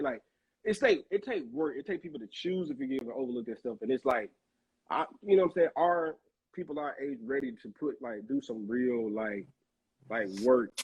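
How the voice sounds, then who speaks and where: A man's voice: medium pitch, darkish tone, breathy edge, lo-fi sound. A man hosting a casual discussion, talking in a rambling, searching way and often repeating himself. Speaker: host. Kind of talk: casual faith-minded discussion.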